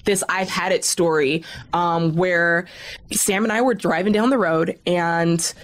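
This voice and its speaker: A woman's voice: lowish voice, steady tone, a little slow. Emphatic woman telling her story. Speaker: guest. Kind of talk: storytelling in interview.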